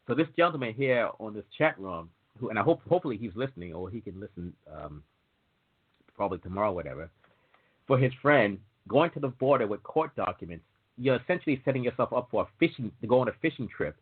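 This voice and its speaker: Low husky man on tinny audio. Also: expressive, fast talker. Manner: chatty, digressive, acts out quoted exchanges. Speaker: waiver consultant host. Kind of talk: casual talk-show chat.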